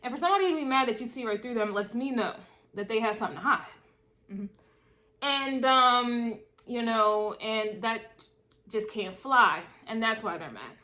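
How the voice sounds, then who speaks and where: A chatty woman gives a casual tarot reading. Her voice sits a little high. She talks to her viewers in a loose, playful way and fills the gaps with hums and asides. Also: animated, normal speed, bright, forceful tone. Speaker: tarot reader.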